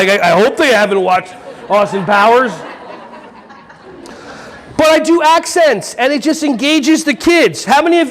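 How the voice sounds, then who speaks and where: High-voiced playful man leading a workshop. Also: a bit bright. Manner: playful, joking with the audience. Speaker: workshop presenter for teachers. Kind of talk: live workshop talk. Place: workshop room with an audience.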